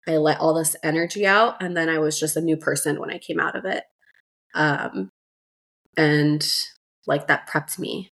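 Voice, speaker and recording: A young woman, a mother and doula, telling her story in a relaxed way, full of fillers, as a podcast guest. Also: low voice, moderate pace, creaky. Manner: relaxed, filler-heavy, many "like"s. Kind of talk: casual storytelling interview.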